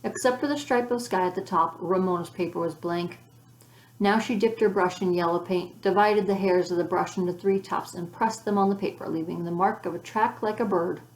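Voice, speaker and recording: A woman's voice: lowish voice, steady tone, a little fast. Woman reading a children's story. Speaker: audiobook reader. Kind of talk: storybook narration. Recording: roomy echo.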